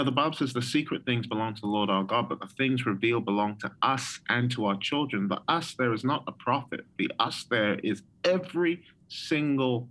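A man's voice: medium pitch, fairly bright tone, poor audio. A man who is a guest and a prophet, telling his personal testimony with frequent ums and restarts.

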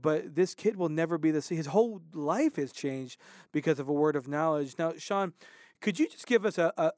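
A man's voice: fairly high pitch, dry recording, clean studio sound. A man hosting a talk show, interviewing a guest in an earnest, emphatic way.

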